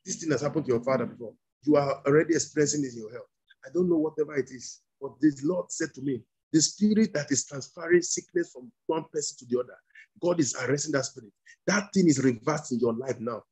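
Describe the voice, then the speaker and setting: A man's voice: fairly high pitch, fast talker, darkish tone, slightly rough. A male pastor leading a fervent prayer sermon over a video call, repeating commands and breaking into tongues. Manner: commanding, repetitive declarations; speaks in tongues between prayers.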